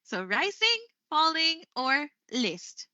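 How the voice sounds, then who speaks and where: A woman teaching an English lesson on a live stream. She speaks slowly and expressively, laughing often. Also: sits high, no room sound. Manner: slow, expressive delivery with frequent laughs. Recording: slightly muffled stream audio.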